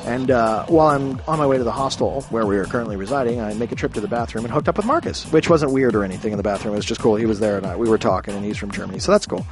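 A man rambles animatedly through a travel story as host of his own show, swearing freely as he goes. His voice sits at an ordinary middle pitch. Faint music plays quietly behind him. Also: rapid-fire, few pauses. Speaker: podcast host. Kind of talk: casual storytelling monologue. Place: hostel room.

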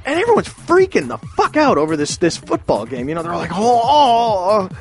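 A man's voice: fairly high pitch, huge pitch swings, fast, gravelly, faint music behind. A man from Canada ranting in a rambling, profane way, with many restarts and sudden exclamations. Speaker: ranting commentator.

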